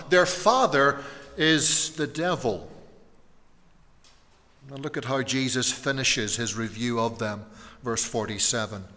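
A man preaching an evening sermon, slow and deliberate, often putting questions to his listeners. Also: on the high side, bright, forceful tone, big-room sound. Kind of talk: evening sermon on a Bible passage.

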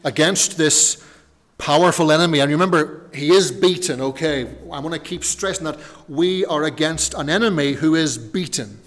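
A man preaching a sermon, slowing down and repeating phrases for emphasis. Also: on the high side. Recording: long reverb of a large hall.

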